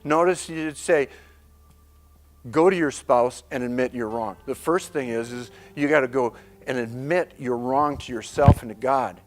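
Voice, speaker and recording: A man's voice: mid-range voice, normal speed, faint music behind. A man presenting a marriage course in an earnest way, teaching with everyday anecdotes and acting out little scenes. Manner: earnest, storytelling, acts out scenes.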